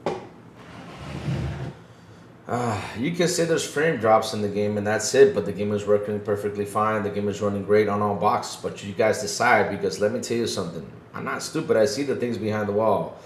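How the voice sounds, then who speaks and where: A man's voice: fairly low pitch, normal speed. Ranting man in an echoey room. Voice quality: emphatic, ranting, repeats points. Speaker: podcast co-host. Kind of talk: casual gaming commentary. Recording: echoey room with faint background noise.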